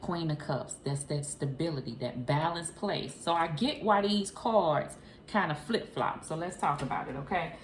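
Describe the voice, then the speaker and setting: A woman's voice: low-pitched, normal speed, few pauses, reverberant, slight background noise. A woman giving a chatty, emphatic tarot reading to her viewers, speaking casually with frequent profanity. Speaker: tarot reader.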